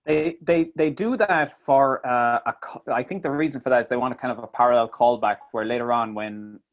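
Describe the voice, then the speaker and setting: A man's voice: medium pitch, brisk. A man in casual chat, reviewing a film with mocking asides and swearing. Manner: animated, swearing, mocking impressions. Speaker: podcast co-host.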